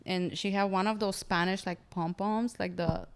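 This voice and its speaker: Woman, lively storyteller, smooth clear voice, mid pitch. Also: moderate pace. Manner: animated, acts out quotes. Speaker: comedian guest. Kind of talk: casual storytelling chat.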